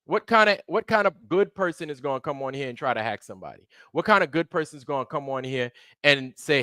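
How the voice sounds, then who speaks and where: Heated man, livestream host, swearing tirade, dry close mic, lively pitch. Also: fairly quick, no room sound. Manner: heated, profane, repetitive. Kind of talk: angry livestream rant.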